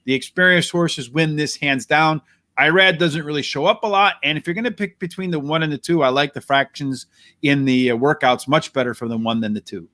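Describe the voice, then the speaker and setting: A man hosting a horse racing preview, walking through post positions, pace and jockeys in a brisk, analytical way. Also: on the high side, sharp tone, dry recording, studio quality. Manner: brisk, analytical, addresses co-host by name. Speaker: racing handicapper host.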